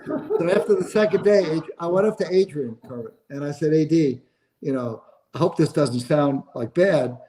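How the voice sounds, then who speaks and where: A man in his seventies, a sports agent guest, telling stories with animated energy and frequent laughter. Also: a little high, normal speed, low-quality recording. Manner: animated, laughs through anecdotes. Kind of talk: casual storytelling.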